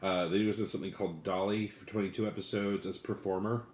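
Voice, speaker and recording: A man in his late forties talks through old films in a loose, rambling way, swearing freely. His voice sits very low, and the room around him echoes. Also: fairly even intonation, fast. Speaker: co-host. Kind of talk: casual movie chat.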